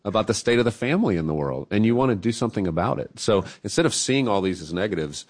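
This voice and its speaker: A man's voice: on the low side, animated, fast. A man being interviewed as a guest author, talking earnestly and reflectively. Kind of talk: casual interview chat.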